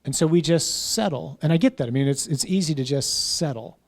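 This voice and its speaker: A man's voice: fairly high pitch, brisk, vocal fry, a little mellow. A man, a parish priest, teaching a class in an informal conversational way, often checking in with "right?" and "huh?".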